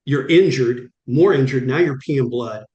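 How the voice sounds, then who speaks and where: A middle-aged man tells his stories with animated drive and acts out the lines of the people in them. His voice sits at an everyday pitch, and the room around him is roomy and echoey. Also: measured pace, dull audio. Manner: vivid, acts out quoted dialogue. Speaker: guest. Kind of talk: animated storytelling.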